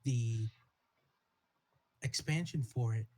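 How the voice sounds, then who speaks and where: A man's voice: medium pitch, takes it slowly, warm tone. A man on a casual gaming podcast, easygoing as he explains at length. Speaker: podcast co-host.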